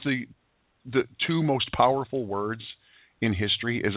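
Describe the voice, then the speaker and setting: A man's voice: medium pitch, normal speed, no echo. Preachy man hosting over a phone line. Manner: energetic, preachy, rhetorical questions, many "you know"s. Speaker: host of a daily internet radio show. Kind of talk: motivational call-in show talk. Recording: tinny phone-line sound, dry.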